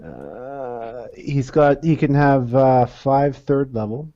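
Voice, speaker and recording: A man playing a tabletop game who thinks aloud in halting bits as he works through spells. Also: medium pitch, lively intonation, dark tone, dull audio. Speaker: player. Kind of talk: casual tabletop game chat.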